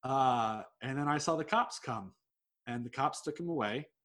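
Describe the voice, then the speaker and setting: A man's voice: mid-range voice, moderate pace, a bit bright. A young man, chatting casually and telling a long story, rambling with lots of "like" and swearing freely. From United States. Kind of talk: casual chat.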